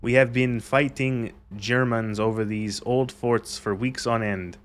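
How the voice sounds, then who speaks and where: A man's voice: mid-range voice, fairly even intonation, a little slow, a little hiss or hum, natural voice. A man voicing a young French soldier writing a letter to his mother, read plainly and steadily with no accent. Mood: weary.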